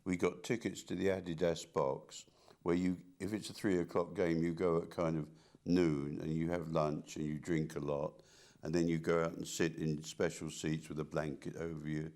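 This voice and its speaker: Very deep-voiced older man, halting. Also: flat delivery, darkish tone. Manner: halting, many restarts and repeated words. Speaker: interviewee, artist. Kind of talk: casual reminiscing conversation.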